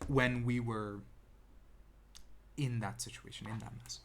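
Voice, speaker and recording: A man's voice: mid-range voice, steady tone, unhurried. A young man telling a personal story to camera in a rambling, self-deprecating way, full of restarts and ums, seated indoors. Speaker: vlogger. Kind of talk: casual storytelling monologue.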